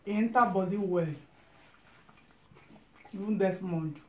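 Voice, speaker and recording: A woman's voice: medium pitch, slow, a little mellow, echoey room, slight background noise, poor audio. A woman with a Nigerian English accent hosting a food vlog, chatting and teasing in pidgin-flavored English. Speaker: vlog co-host. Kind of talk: mukbang vlog chat.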